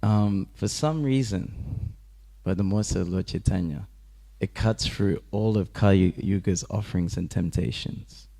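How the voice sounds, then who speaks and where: Male speaker with a lower-pitched voice, leading a casual temple class and narrating with light laughter. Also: unhurried, creaky. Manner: relaxed, chuckling, acts out characters' lines with raised pitch. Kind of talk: casual devotional class storytelling. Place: temple room.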